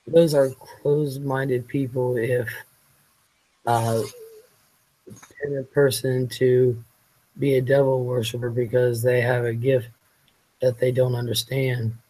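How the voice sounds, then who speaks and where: A man hosting a late-night casual chat show, rambling and halting with fillers as he talks. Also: mid-range voice, little pitch movement, warm tone. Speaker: show host.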